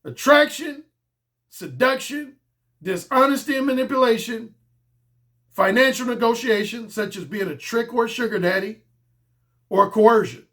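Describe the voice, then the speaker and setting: A man's voice: very high-pitched, a little slow, long pauses, a bit bright. A middle-aged man giving a blunt, emphatic solo commentary as a dating coach, repeating his points for stress.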